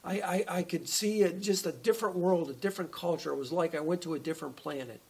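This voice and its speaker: A chatty talking horse that brags about the places it has been, voiced by a man telling a story. The voice is high for a man, rough and gravelly, and husky. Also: fast, darkish tone. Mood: bragging. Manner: chatty bragging. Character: boastful well-traveled talking male horse.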